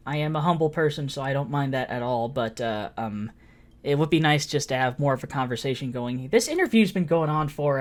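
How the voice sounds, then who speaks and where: Low-voiced woman hosting a podcast. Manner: loose and joking, addressing a live audience. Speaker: podcast host. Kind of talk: casual chat.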